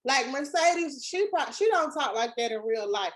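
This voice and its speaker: A young woman with a Southern US accent co-hosting a casual chat, talking in an animated, emphatic, slangy way. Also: sits high, moderate pace. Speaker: podcast co-host.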